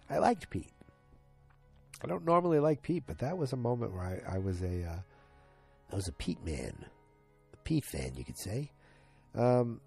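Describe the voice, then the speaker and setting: Brief: a rambling male recapper, mellow and a bit low-pitched. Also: gravelly, slightly rough. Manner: rambling, with many fillers and restarts. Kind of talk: casual episode recap.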